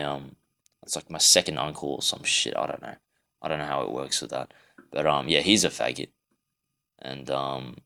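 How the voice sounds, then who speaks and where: A man's voice: deep voice, a bit bright. A man in a casual self-recorded monologue, ranting in a rambling, profane way with frequent restarts. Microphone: self-recorded device.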